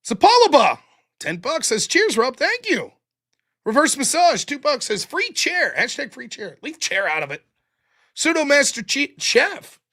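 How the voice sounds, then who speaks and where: A man hosting a live stream, reading viewer messages aloud with sarcastic, animated commentary. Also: very high voice, measured pace. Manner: sarcastic and animated, mocking repetition. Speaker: livestream host.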